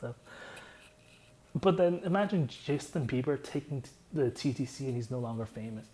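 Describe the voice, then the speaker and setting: Rambling young man, mellow voice. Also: mid-range voice, expressive, normal speed, poor audio. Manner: loose and rambling, heavy on "like" fillers. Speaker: songwriter explaining his song. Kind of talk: casual rambling explanation.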